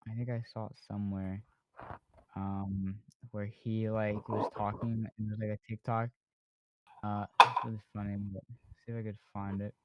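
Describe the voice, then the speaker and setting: Rambling podcast host man, smooth dry voice. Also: on the low side, no room sound, lo-fi sound. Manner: rambling, full of fillers and restarts. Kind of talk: casual chat.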